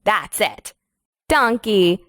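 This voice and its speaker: A woman voicing a cheerful young farmer who guides children through a game, speaking slowly in a sing-song, encouraging way. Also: mid-range voice, sing-song, background noise. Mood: sunny, encouraging. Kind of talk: scripted children's game voice-over.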